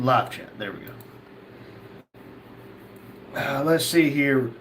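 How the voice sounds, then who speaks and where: A man hosting a live stream, reading viewers' chat messages aloud and answering them in a relaxed, chatty way. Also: medium pitch, slow pace, background noise. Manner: reads chat names aloud, chatty and easygoing. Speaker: livestream host reading chat.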